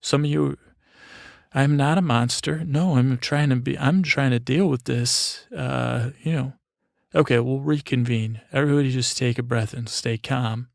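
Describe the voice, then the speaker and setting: A man telling an improvised, absurd bedtime story in a halting, deadpan way full of fillers and restarts. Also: medium pitch, gravelly, no room sound, clean studio sound.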